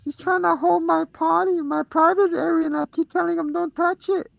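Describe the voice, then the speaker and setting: A man's voice: steady tone, moderate pace, creaky, dry recording, lo-fi sound, heavily acted. A man putting on the voice of a small boy who whines and tattles to his mom. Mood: whining. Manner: high whining kid voice.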